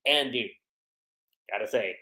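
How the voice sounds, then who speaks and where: A man giving casual livestream commentary as a manga reviewer, chatty and animated. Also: medium pitch, very slow, echoey room. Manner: animated, chatty, frequent laughter and fillers.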